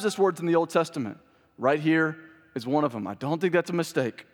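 A male pastor with a fairly high voice preaches in a church sanctuary, and his words ring out with a long hall reverb. He moves from loud proclamation to quiet, chatty asides. He repeats key phrases and puts questions to his listeners. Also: lively intonation, a little fast. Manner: repeats phrases for emphasis, asks the congregation questions. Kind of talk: sermon.

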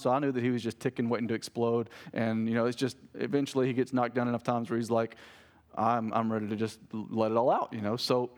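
Conversational man preaching. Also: medium pitch. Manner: conversational preaching with family anecdotes and self-corrected jokes. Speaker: pastor. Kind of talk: sermon.

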